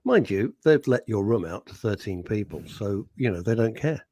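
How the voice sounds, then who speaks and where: A man's voice: fairly low pitch, lively intonation, moderate pace, mellow, dry recording. A man co-hosting a radio show, teasing his co-host and muttering asides. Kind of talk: casual radio chat.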